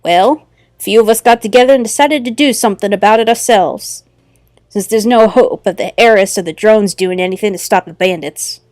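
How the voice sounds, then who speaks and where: A woman voicing a tough older female troll who speaks calmly with a country drawl, in a game let's play. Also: mid-range voice, brisk, dry recording, studio quality, close to an everyday voice. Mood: steady. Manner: country drawl, calm and plainspoken.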